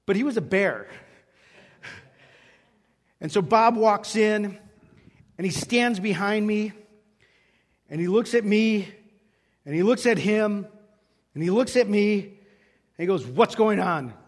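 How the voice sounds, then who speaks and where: A man with a high voice preaches in a sanctuary, and his words ring on in the long reverb of the hall. He tells stories animatedly and acts out each exchange before turning to scripture. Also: slow, pauses often. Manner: animated storyteller acting out dialogue. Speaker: pastor. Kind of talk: sermon with storytelling.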